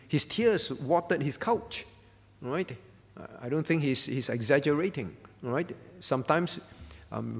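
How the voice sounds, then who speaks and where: A man's voice: medium pitch, gravelly, a little mellow, breathy edge, in a large hall. A male pastor giving a conversational sermon at a prayer meeting, often checking in with the congregation by asking "all right?". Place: church hall.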